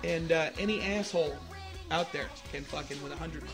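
Over music, an adult married man with a voice on the high side talks fairly quickly as he co-hosts a podcast. The chat is loose, profane banter, with free cursing between laughs.

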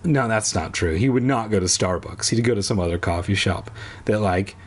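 A man's voice: on the low side, normal speed, breathy edge. A man from Southern California who reads a children's horror book aloud as host and breaks off into sarcastic, rambling, crude asides. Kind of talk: comic reading with crude asides.

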